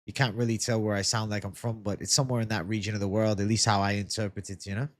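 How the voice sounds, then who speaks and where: A man's voice: fairly low pitch, flat delivery, fast, no room sound. A young man hosting a casual MMA live stream, chatting loosely, answering viewer comments and swearing freely. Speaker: MMA YouTube host.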